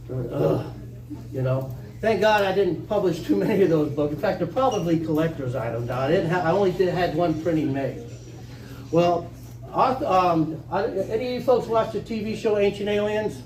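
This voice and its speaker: A man's voice: fairly high pitch, normal speed, a little mellow. A man telling folksy stories to a live conference audience, chuckling and acting out phone calls. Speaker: conference speaker. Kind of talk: storytelling talk to a live audience. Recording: echoey room, far from mic, faint noise.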